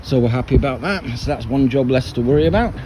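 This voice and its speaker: A man talks through a casual walking commentary at a marina, chatty and rambling, often restarting sentences midway. His voice sits at an ordinary middle pitch for a man. Loud gusts of wind batter the camera microphone the whole time. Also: lively intonation, fast. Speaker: vlogger and boat owner. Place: outdoors at a marina on a wet, windy day. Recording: loud wind noise on the mic.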